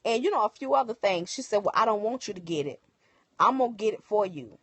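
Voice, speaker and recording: A woman telling viewers a personal story in casual, animated speech, acting out the other people's lines. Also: mid-range voice, quick pace, no echo. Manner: emotional, animated retelling with quoted dialogue. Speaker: livestream host. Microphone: phone.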